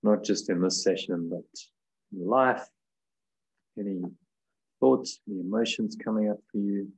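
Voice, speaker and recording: A man leading a meditation course over a video call, teaching gently and unhurriedly, thinking aloud with soft fillers. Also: lowish voice, measured pace, creaky, slightly rough, low-quality recording.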